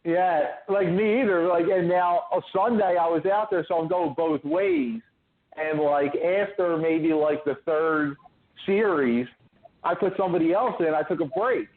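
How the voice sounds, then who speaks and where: A man's voice: sits high, animated, measured pace. Laid-back man in his thirties on phone audio. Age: 30s. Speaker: radio show regular. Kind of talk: casual sports chat. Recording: tinny phone line.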